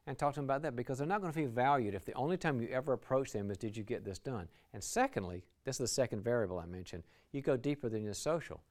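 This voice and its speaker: A man's voice: medium pitch, lively intonation, very fast, hardly any pauses, darkish tone. Enthusiastic man giving a lecture. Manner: enthusiastic, acts out short dialogues. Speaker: leadership speaker. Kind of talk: lecture on team relationships. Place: lecture venue.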